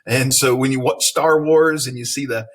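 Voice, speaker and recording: Male teacher, husky tone, reads a lesson text aloud with playful asides to the class. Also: mid-range voice, steady tone, normal speed. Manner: friendly, playful asides to students.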